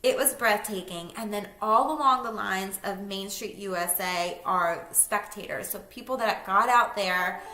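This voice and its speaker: Bright chatty woman in an echoey room. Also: mid-range voice, measured pace, hardly any pauses. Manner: chatty, fillers and laughing asides. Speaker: vlogger. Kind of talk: casual storytelling.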